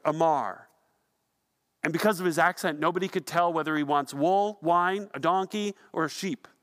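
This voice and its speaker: A man delivering a sermon as pastor, telling a story with animation and swinging from hushed to loud. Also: sits high.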